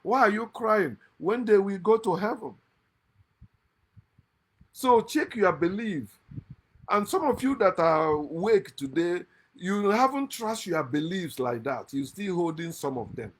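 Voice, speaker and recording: Man hosting his own channel, emphatic lecturing monologue, raised pitch, bursts of laughter. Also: expressive, a little slow. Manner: emphatic, lecturing, swings from loud outbursts to quiet asides; laughs often mid-speech. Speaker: channel host. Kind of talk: impassioned monologue against religion. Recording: lives in America.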